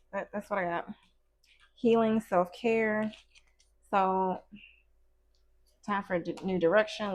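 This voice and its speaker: A woman giving a casual tarot reading in a chatty, playful way, full of slang and asides. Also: medium pitch. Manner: acts out little quoted voices in between. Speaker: tarot card reader.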